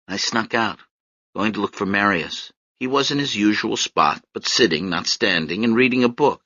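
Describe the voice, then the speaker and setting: A male audiobook narrator with a lowish voice reads scripted narration at a moderate pace in an expressive, storytelling style. The recording is dull, dry, and lo-fi, with no room sound.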